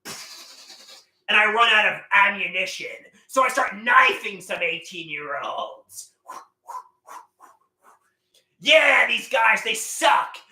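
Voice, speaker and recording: Brief: male streamer, slow drawl, very bright sharp tone, shouty and crude, roomy echo. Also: sits high, animated. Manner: loud, shouting, crude and self-mocking. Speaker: livestream host. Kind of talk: rambling live stream with improvised songs.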